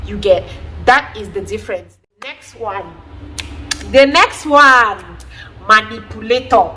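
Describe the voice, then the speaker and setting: Animated woman vlogger. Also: fairly high pitch, unhurried, a little hiss or hum. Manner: animated and preachy, often laughing. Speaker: vlogger, mother. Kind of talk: casual talk to camera.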